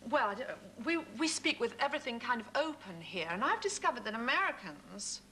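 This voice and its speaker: A woman's voice: fairly high pitch, sing-song, brisk, pushed and bright, a little hiss or hum, low-quality recording. A woman, an actress chatting as a guest on a TV talk show, giggling often as she talks. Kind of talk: casual TV chat.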